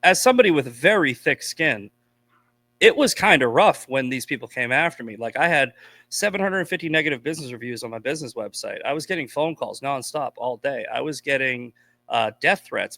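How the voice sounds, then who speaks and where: A man's voice: mid-range voice, sharp tone, dry recording. A man from Boston, a podcast guest, telling stories in blunt, profane casual chat. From Boston, USA.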